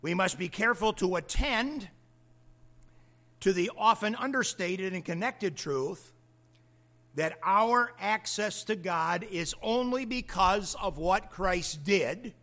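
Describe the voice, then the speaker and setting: A man preaches a verse-by-verse sermon in a slow, deliberate cadence. His voice sits fairly high and bright, and he leans hard on single words, rising and then dropping low for emphasis. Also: expressive. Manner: deliberate, emphatic phrasing with dramatic drops and rises. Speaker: pastor. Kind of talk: expository sermon.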